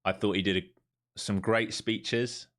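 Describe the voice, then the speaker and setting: In a lowish, steady voice with a fairly bright edge, an Englishman live-streams his futures trades. He's casual and chatty, laughs frequently, and jokes quickly in between calls on chart price levels.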